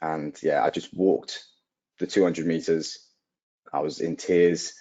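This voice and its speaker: A man's voice: a bass voice, fairly even intonation, slow, mellow. A young man, a guest athlete telling a personal story in an interview, acting out the dialogue he quotes and often saying "like". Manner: vivid retelling, acting out quoted dialogue, frequent "like" fillers. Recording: dull lo-fi audio.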